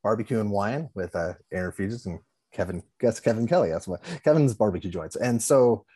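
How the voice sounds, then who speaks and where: A man's voice: lowish voice, animated, brisk, mellow, breathy edge. A man hosting a podcast in casual chat, upbeat and loose, with many restarts. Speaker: podcast host.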